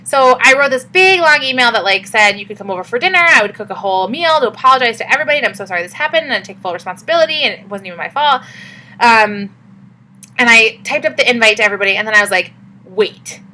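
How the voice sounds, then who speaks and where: Bright-voiced chatty young woman vlogging. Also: on the high side, animated, fast, poor audio. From Massachusetts. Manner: chatty, upbeat, many fillers. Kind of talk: casual vlog talk.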